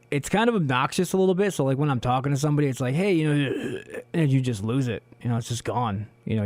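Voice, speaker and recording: A man co-hosting a community radio show in casual solo talk, hoarse from losing his voice, rambling with many fillers, in a small studio on a studio microphone. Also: medium pitch, darkish tone, no echo. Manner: rambling, heavy on "you know" fillers.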